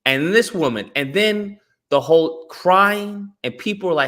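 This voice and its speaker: Man guest, high lively voice, animated storyteller, acts out quotes. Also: a little slow. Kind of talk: casual podcast chat.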